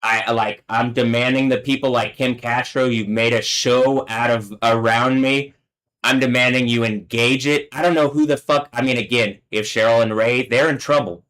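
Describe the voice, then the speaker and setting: A man's voice: medium pitch, fairly even intonation, normal speed, a bit bright, smooth, poor audio. Agitated man ranting on a livestream. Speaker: livestream host. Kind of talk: solo livestream rant.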